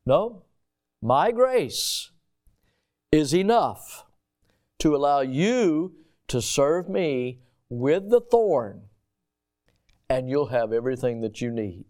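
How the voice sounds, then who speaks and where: A man voicing God as a calm, firm male figure who answers in a measured, reassuring way. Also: mid-range voice.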